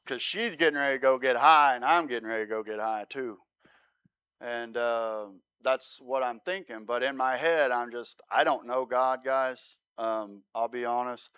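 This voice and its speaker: A man giving his sermon testimony as a relaxed story, often checking in with "right?". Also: medium pitch, normal speed, clean tone, no room sound. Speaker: guest speaker sharing his testimony.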